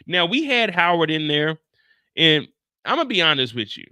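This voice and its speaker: Animated, ranting male streamer, high voice. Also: moderate pace, smooth. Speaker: reaction streamer. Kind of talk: live show recap and reaction.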